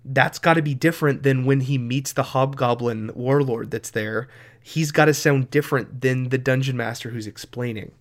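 A man's voice: mid-range voice, normal speed. A man co-hosting a casual podcast chat about running tabletop games, talking enthusiastically with many fillers. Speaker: podcast co-host and game master.

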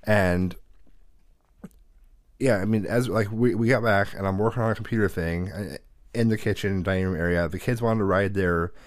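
Deep-voiced, profane man telling a story. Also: fairly even intonation, normal speed, no echo, clean studio sound. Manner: profane, rambling storyteller who acts out quotes. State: suffering from a headache. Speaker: podcast co-host and father. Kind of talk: casual chat.

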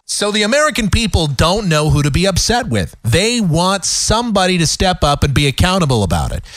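A man's voice: high voice, very animated, a little fast, fairly bright tone, no room sound, studio quality, soft background music. A man hosting a talk radio show, ranting sarcastically in an opinionated monologue. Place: radio studio.

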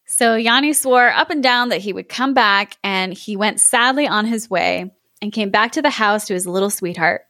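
A woman podcast host reading a fairy tale aloud in a measured way, breaking into casual chat. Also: mid-range voice, bright, forceful tone, no room sound, clean studio sound.

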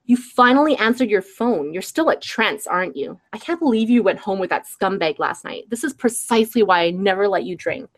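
A woman's voice: medium pitch, lively intonation, fairly quick, few pauses, natural voice. A woman reading the part of a young woman's bossy best friend who scolds in an exasperated way, in a book reading. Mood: scolding.

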